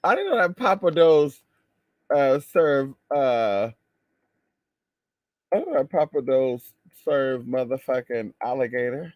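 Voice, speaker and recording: A man chatting casually to his viewers in a sassy, expressive way. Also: medium pitch, measured pace, pauses often, no room sound, lo-fi sound. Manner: sassy, expressive, exclaims and drawls. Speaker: vlogger.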